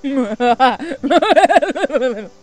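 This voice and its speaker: A woman's voice: high-pitched, lively intonation, extremely slow. Giggly woman narrating gameplay. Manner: giggly, reads game text aloud, breaks into loud laughing shouts. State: sleep deprived. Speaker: let's-play host. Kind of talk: casual gameplay commentary.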